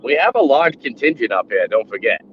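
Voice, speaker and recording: A man's voice: medium pitch, sing-song, a little fast, slight background noise. A man with a Boston accent, a panel guest in casual podcast chat, blunt and joking. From New England, US. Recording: dull lo-fi stream audio.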